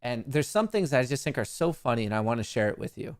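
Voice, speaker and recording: Guy doing live stock market talk, kinda gravelly, joking around and rambling, dry room. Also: mid-range voice, expressive, fast, dry recording. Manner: joking, rambling, self-mocking. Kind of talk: live-stream market commentary.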